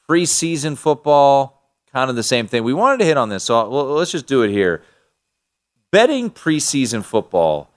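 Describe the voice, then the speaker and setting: A man's voice: medium pitch, clear, resonant tone. A man hosting a sports betting talk show, chatting loosely and restarting his sentences often.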